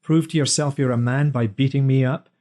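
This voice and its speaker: A man voicing a quick-witted young singer and actor who banters playfully and talks back defiantly. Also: medium pitch, fairly even intonation, mellow, close to an everyday voice.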